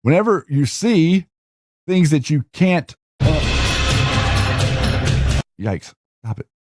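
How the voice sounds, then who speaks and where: A man's voice: a little high, big pitch swings, takes it slowly, music in the background. A man hosting a show, talking casually while screen-sharing, with rambling restarts and rhetorical questions. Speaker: host.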